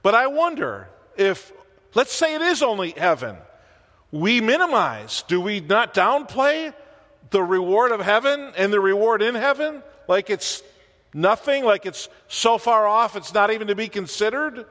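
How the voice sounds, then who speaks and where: A man's voice: sits high, very animated, measured pace, a bit bright, long reverb tail. A man preaching a sermon as pastor in a church, conversational, with wry asides and rhetorical questions.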